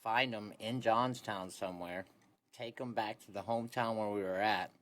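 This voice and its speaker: A man's voice: on the low side, steady tone, normal speed, fairly bright tone. A young man casually telling a long story into a phone, laid-back and rambling, full of "anyways" and "this and that". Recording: phone recording with faint background hiss.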